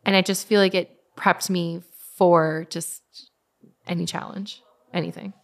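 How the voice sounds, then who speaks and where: A woman in her thirties telling a personal story in a casual interview, animated and full of fillers. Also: fairly low pitch, measured pace, gravelly. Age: 30s. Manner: animated retelling with many fillers, voicing others. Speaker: guest.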